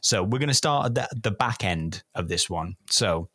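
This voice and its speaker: A man's voice: sits low, lively intonation, normal speed, pushed and bright, dry recording. Playful man hosting a quiz, dry sound. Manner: playful, laughing, teasing. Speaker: podcast host running a quiz. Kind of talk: casual chat.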